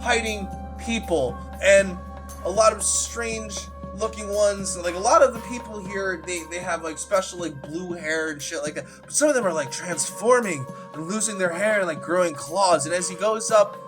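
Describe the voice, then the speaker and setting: High-voiced rambling game master man. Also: normal speed, over music. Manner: rambling and profane, full of "like" fillers; animated, with sudden loud bursts. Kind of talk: casual session recap storytelling.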